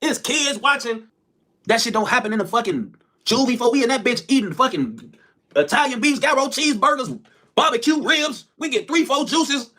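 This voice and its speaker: A young man who tells stories and jokes on a live stream, animated and profane, saying "folks" constantly. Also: very high voice, normal speed. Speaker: livestreamer. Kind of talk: storytelling and joking on a live stream.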